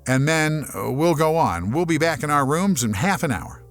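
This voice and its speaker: A man voicing a calm, brave teenage boy who explains the rules and reassures his friends, in an audiobook horror story. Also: a little high, normal speed, faint music behind.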